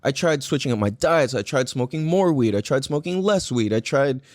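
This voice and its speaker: A man's voice: mid-range voice, expressive, moderate pace, a little mellow, no echo, clean studio sound. A man hosting a podcast in casual chat, rambling and swearing a lot, with plenty of "like" fillers. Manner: rambling and heavily profane, full of "like" fillers. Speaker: podcast host.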